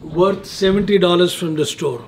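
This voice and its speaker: A man in his sixties posing riddles in casual chat, patient and quick to laugh. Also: high voice. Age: 60s. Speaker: riddle asker. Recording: noisy background.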